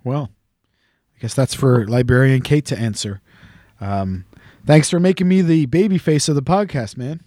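A man's voice: medium pitch, normal speed, dark tone, no echo, clean studio sound. A man co-hosting a podcast, reading listener messages aloud in a teasing, rambling way with lots of fillers. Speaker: podcast co-host.

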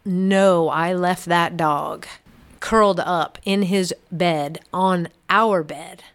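Low, smooth-voiced woman telling her story. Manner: earnest, halting, quiet and reflective. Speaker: podcast guest. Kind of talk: personal testimony.

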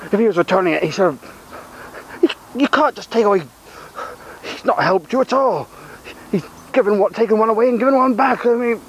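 Man playing a fretful, angry friend for an audio drama; a slightly high voice, a touch of hiss. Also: natural voice, rough recording. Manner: anxious, exasperated, with swearing outbursts. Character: worried, indignant man helping his friend.

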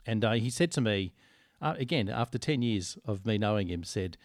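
A man with an Australian accent co-hosting a podcast, chatting in a relaxed, rambling way with dry humour. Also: on the low side, moderate pace, no echo. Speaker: podcast co-host. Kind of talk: casual chat.

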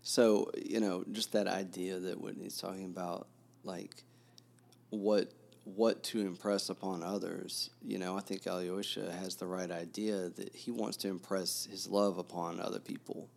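A man's voice: low voice, little pitch movement, unhurried, vocal fry. A man who teaches, co-hosting a casual book discussion, rambling with many fillers and restarts. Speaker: teacher and podcast co-host.

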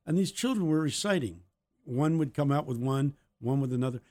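A man's voice: mid-range voice, expressive, fairly quick, darkish tone. A man co-hosting a podcast, telling anecdotes in a casual faith discussion. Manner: anecdotal storyteller. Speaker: podcast co-host.

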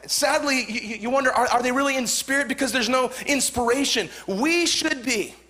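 Male pastor in his forties, Southern Californian accent, high bright voice, fervent sermon delivery with repeated lines. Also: fairly even intonation, quick pace. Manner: fervent, repetitive, rising to shouts.

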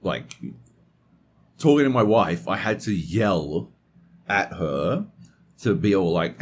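Male co-host, low voice, sweary, animated storyteller, faint room noise. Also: takes it slowly, pauses often. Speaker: podcast co-host. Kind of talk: casual chat.

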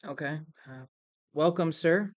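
Low-voiced woman playing a polite host. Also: unhurried. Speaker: tabletop player. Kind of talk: in-character role-play.

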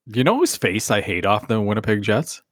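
Man, brash excitable sports podcast co-host, dry sound. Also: on the low side, normal speed, slightly rough, no echo. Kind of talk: casual sports chat.

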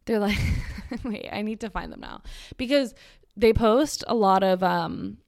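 A young woman runs through a casual, gushing monologue, chatty and full of fillers and restarts. Her voice is mid-range for a woman, measured in pace, creaky and slightly dark. The recording is dry and close, with no echo or room sound.

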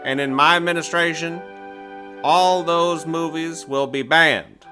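A man's voice: a little high, fairly even intonation, a little slow, music in the background, lightly acted. A man voicing a stiff male politician with a put-on Boston accent, delivering formal campaign lines. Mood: stern.

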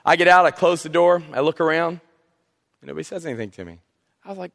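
A pastor from South Carolina, preaching a sermon through animated, humorous storytelling. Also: male voice, a little high, fast talker, vocal fry, pauses often. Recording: long reverb of a hall.

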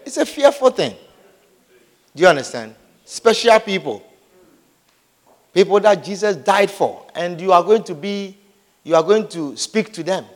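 A man preaching a sermon in a lively, humorous way, acting out little scenes, repeating phrases and often asking whether his listeners understand. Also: sits high, a little slow, pauses often. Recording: long hall reverb.

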